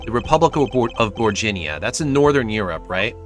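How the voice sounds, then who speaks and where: A man's voice: on the low side, animated, fairly quick, soft background music, close to an everyday voice. A man reading the lines of a young male defense attorney in a game, wry and thoughtful.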